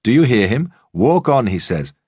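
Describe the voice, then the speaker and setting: Male narrator voicing a sneering yob, husky, raised and brash, dry close mic. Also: medium pitch, big pitch swings, normal speed, no echo, voice pushed up. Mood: jeering. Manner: loud taunting sneer. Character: jeering young male thug, loud and mocking.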